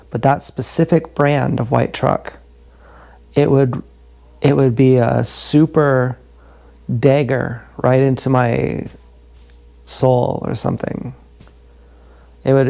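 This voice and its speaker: Male streamer with a fry-heavy voice, talking haltingly and emotionally into his own camera. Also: mid-range voice, a little mellow. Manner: halting, repeats words, raw and emotional. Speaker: livestreamer. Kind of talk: confessional livestream monologue.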